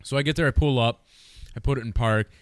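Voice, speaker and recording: A man's voice: mid-range voice, quick pace, no echo, clean studio sound. A man co-hosting a podcast, telling a story in loose, profane casual chat and laughing often. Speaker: podcast co-host.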